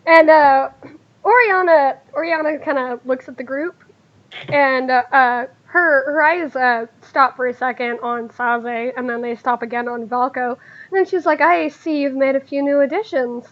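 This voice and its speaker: Halting woman game master, high voice, dull lo-fi recording. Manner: hesitant, with many fillers and laughs. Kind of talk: narrating a tabletop game.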